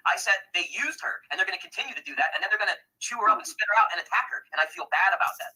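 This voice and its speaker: A man's voice: sits high, expressive, rapid-fire, few pauses, sharp tone, husky. A man calling in to a livestream, aggrieved and swearing as he argues. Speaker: guest on a stream call. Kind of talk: heated call-in argument. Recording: tinny phone-quality call audio.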